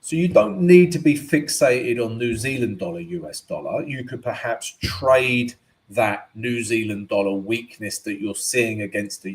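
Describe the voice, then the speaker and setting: A man hosting a live forex analysis stream, chatty and tagging most points with "right?". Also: medium pitch. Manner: chatty, keeps adding "right?". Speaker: forex trading host.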